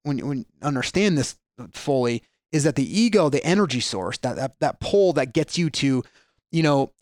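A man's voice: mid-range voice, animated, normal speed, a little mellow, dry recording, studio quality. A man explaining ideas earnestly in a podcast conversation, with frequent restarts and fillers.

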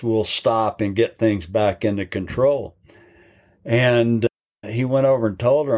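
Give me an older man with a low voice spinning a folksy story about horses. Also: a little mellow. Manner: folksy, long-winded storyteller. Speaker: horse trainer. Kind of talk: storytelling in an interview.

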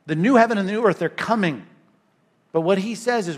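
Emphatic preacher, a fairly high-voiced man. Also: a little fast. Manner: emphatic, conversational preaching with rhetorical "right?". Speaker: pastor. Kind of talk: sermon.

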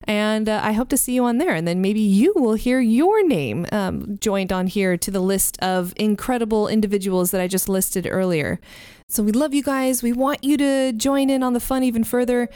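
A woman narrating a tabletop role-playing game as game master, describing scenes slowly in the second person and then chatting casually with listeners. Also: mid-range voice, dark tone, smooth, no echo, studio quality. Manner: slow, descriptive storytelling.

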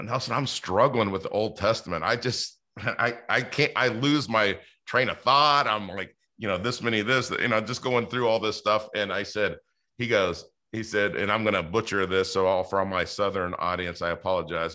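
This man hosts a podcast interview in a loose, rambling style packed with fillers and restarts. His voice is deep, bright and forceful, with fairly even intonation and a normal speed.

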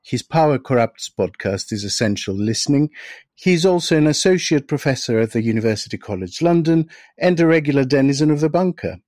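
A man hosting a podcast interview, reading a measured, reflective introduction and then asking articulate questions. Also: mid-range voice, expressive, darkish tone, no echo, clean studio sound. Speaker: podcast host.

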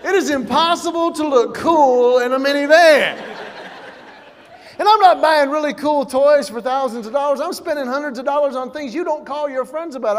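A middle-aged man performing animated stand-up comedy, breaking into shouted, acted-out quotes. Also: extremely high pitch, moderate pace. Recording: live hall with long reverb, faint noise.

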